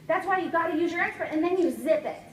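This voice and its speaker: A high-pitched woman coaching a room full of people in a punchy, emphatic seminar style, tossing in "okay?" and "guys" to keep them with her. Her voice comes from some distance away and rings around an echoey room, with a faint hum of ambience underneath. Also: fast. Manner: energetic, emphatic, keeps checking in with "okay?" and "guys". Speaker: network marketing trainer. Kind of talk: motivational seminar talk.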